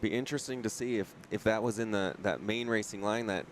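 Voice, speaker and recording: A man co-commentating a live race, giving measured, agreeable analysis. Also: lowish voice, slight background noise.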